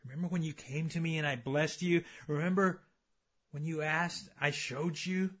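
A man's voice: on the high side, fairly even intonation, normal speed, a bit bright. A man voicing the Holy Spirit, who calls tenderly to a lost soul to come back, in a dull lo-fi recording. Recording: dull lo-fi sound.

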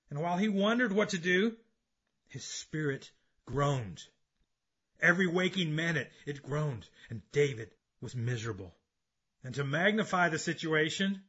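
A man preaching an impassioned sermon, swinging between loud emphasis and hushed intensity, in a dull lo-fi recording. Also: on the high side, breathy edge. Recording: dull lo-fi sound.

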